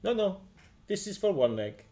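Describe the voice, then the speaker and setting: A man's voice: high voice, very animated, normal speed, warm tone. A man voicing a shrewd female clinic doctor with a put-on Russian accent, speaking formally and haggling over prices. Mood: businesslike. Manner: formal, hesitant, businesslike upselling.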